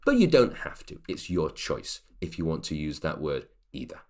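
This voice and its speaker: A man teaching an English grammar lesson, explaining clearly and reading example sentences aloud. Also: a bass voice, huge pitch swings, moderate pace.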